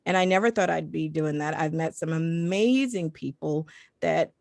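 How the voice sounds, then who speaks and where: A woman's voice: sits low, moderate pace, gravelly, darkish tone, no echo. A woman who narrates audiobooks and podcasts, chatting effusively and emotionally on a video call panel. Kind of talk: casual panel chat.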